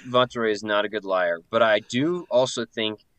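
A man's voice: lowish voice, normal speed, a bit bright. A man playing a tabletop role-playing game, talking in a hesitant, casual way. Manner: hesitant, many ums and restarts.

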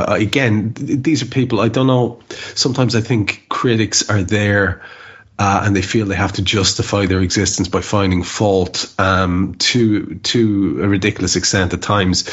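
Husky-voiced man reviewing a film. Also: lowish voice, muffled recording. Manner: animated, restarts often with stammered repeats. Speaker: podcast co-host. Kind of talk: casual film review chat.

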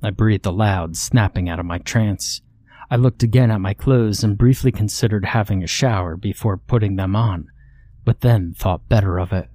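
A man narrating a first-person horror story in a measured, steady way. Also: on the low side, dry recording.

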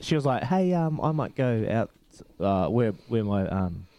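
Lively New Zealand man, chatty host. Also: mid-range voice, unhurried, dull audio. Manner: laughs often, animated storytelling. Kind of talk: casual chat.

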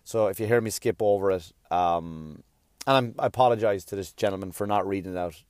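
A man's voice: deep voice, a little fast, darkish tone, dry recording, clean studio sound. A man hosting his own podcast, talking in a rambling, self-deprecating way and swearing casually. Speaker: podcast host.

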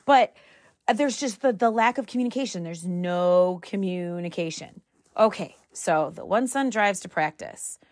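A middle-aged woman casually telling a family story, animated and wry with exasperated humor, acting out the dialogue. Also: mid-range voice, normal speed, dry recording, studio quality. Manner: acts out dialogue with "I'm like".

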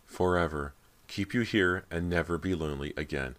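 A man's voice: deep voice, normal speed, fairly bright tone. A man voicing a cruel, lonely ghost girl in a horror audiobook, cold and menacing.

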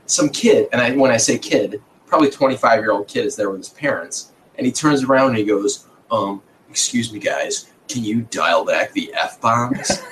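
Male podcast host, mid-pitched, loose profane storytelling, slight background hiss. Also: rough recording. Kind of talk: casual storytelling chat.

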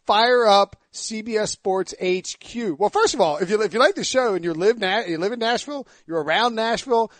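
A man with an Eastern North Carolina accent hosting a casual sports podcast, rambling and self-deprecating with quick asides. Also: high voice, dry recording. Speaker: podcast host.

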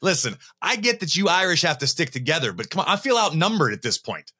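A man's voice: a little high, big pitch swings, pushed and bright. A man hosting a wrestling podcast, chatting casually and teasing his co-host. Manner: teasing, quick banter.

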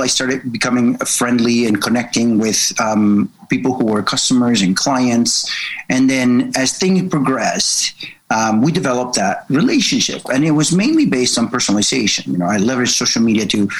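A man appears as a guest on a podcast and explains his marketing approach. He speaks earnestly at a middle pitch, often restarting and repeating words. His talk is loose and full of fillers. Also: poor audio. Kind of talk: casual interview chat.

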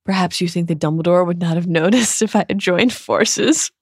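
Woman voicing a male wizard, low, drawling, sarcastic, sneering, dry sound. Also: moderate pace, a little mellow, husky, dry recording. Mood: mocking.

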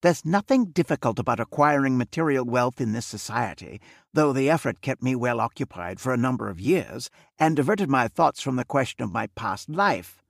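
A man's voice: mid-range voice, animated, vocal fry, dry recording, studio quality. A man reading as a reserved wealthy man near fifty. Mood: earnest. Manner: measured, formal. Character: wealthy middle-aged man, reserved and cryptic. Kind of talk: audiobook character reading.

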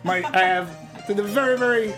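A woman hosting a casual panel film review, chatty and halting with restarts. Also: medium pitch, over music. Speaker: host.

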